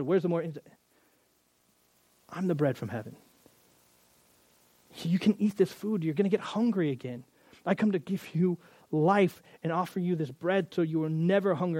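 A man delivering a sermon with a high voice, animated and conversational, often slipping into the voices of the characters he describes. The recording is dry and close, with almost no room sound. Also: dry recording. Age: adult. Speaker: pastor.

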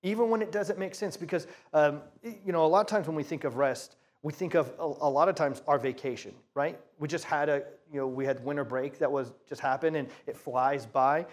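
A man's voice: fairly high pitch, a little fast, hardly any pauses. A man, a pastor, giving a conversational sermon with a prayer and a Bible reading, often repeating words as he restarts phrases. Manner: conversational, talks to the audience as "you guys".

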